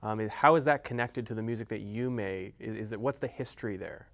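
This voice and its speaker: A man's voice: lowish voice, fairly quick, creaky, fairly bright tone. A man interviewing a guest, asking questions and giving short encouragements. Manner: brief encouraging backchannels.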